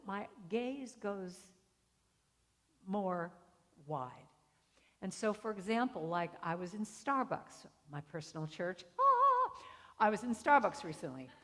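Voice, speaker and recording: Animated woman telling stories in hall reverb. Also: medium pitch. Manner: animated, acts out voices in her stories. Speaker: guest speaker. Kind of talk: storytelling sermon. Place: spiritual center hall.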